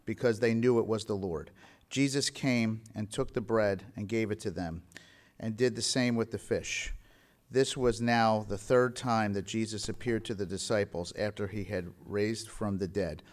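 A man reading a Bible passage aloud in church, in a measured, formal way. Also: on the low side. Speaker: scripture reader.

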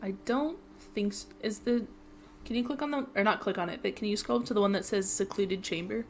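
A woman's voice: mid-range voice, a little fast. A woman from California with an American accent, guiding a friend through a video game on stream. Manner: helpful, giving step-by-step directions. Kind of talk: casual game stream chat.

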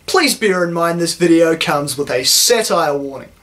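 A young man from New Zealand talks straight to camera in a satirical vlog. His New Zealand accent rides a high-pitched voice, and he swears freely as he plays at being indignant. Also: animated, normal speed, a bit bright. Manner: sarcastic, profane, mock-indignant. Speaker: YouTuber. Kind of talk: sarcastic vlog rant.

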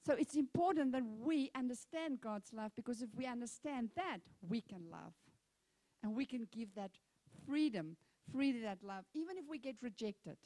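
A woman pastor preaching a sermon in an animated, conversational storytelling manner. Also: fairly high pitch, normal speed, dry recording.

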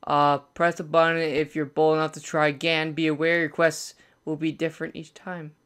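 Excitable young man playing a horror game. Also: a little high, normal speed, clear, resonant tone. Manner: excitable, yelps and shouts when scared, repeats words. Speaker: gaming channel host. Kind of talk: let's play commentary.

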